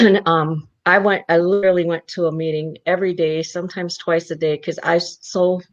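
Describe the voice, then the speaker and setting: A woman's voice: on the low side, steady tone, normal speed, dull audio. A woman guest in an interview, telling a personal story with strong feeling and acting out her own past words.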